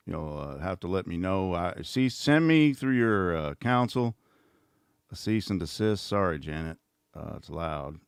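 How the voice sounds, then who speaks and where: A middle-aged man rambles through a casual livestream with sarcastic, mocking asides. His voice sits very low and deep. The sound is dry and close, with no room around it. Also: clean tone, no room sound. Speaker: host.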